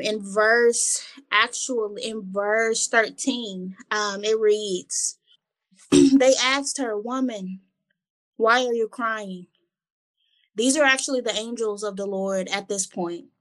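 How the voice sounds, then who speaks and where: A woman's voice: fairly high pitch, a bit bright. A woman reading Bible verses and reflecting on them in an earnest, conversational way, often repeating words as she gathers her thoughts. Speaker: Bible study co-host.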